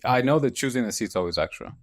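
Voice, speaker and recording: A man's voice: medium pitch, lively intonation, fast talker. A man co-hosting a podcast who mostly chips in with short reactions and laughs along in casual chat. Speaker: podcast co-host.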